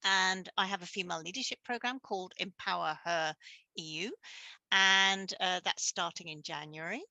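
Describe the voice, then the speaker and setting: A woman's voice: fairly low pitch, normal speed, vocal fry, sharp tone, no echo, low-quality recording. A woman who coaches communication and hosts a podcast, introducing herself casually with many fillers. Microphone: video call.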